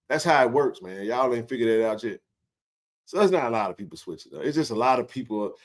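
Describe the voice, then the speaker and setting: Guy hosting a sports stream, joking around, loose and lively, middle-pitched voice. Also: fast talker. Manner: animated, joking, colloquial. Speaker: sports talk show host. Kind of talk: casual livestream chat.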